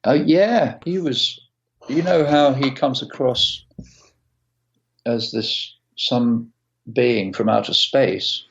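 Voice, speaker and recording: A man in his sixties, a guitarist as an interview guest, telling stories in a halting way with many restarts. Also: medium pitch, muffled recording. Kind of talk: casual interview storytelling.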